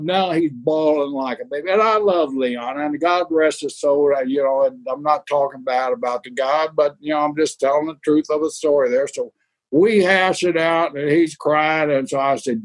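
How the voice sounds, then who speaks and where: A man spins a long, rambling story from his years running wrestling tours, salting it with curses and chuckles. His voice sits a little high for a man. The recording is dry and close, with no room echo. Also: moderate pace. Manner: rambling, profane, laughs while telling. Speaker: former wrestling tour manager. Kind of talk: anecdotal storytelling.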